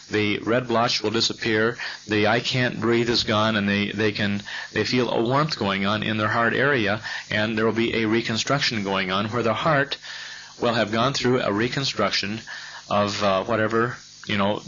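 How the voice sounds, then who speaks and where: A man's voice: on the low side, steady tone, normal speed, sharp tone. A man giving a rambling, folksy lecture to students, telling cases as anecdotes with many ums and restarts. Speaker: lecturer on a healing method. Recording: dull lo-fi tape with faint hum.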